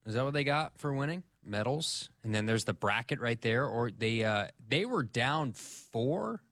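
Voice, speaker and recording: A man's voice: medium pitch, expressive, measured pace, a bit bright, no room sound. Joking man co-hosting a sports show. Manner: joking, banters and teases. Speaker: radio sports show co-host. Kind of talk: casual sports talk show chat.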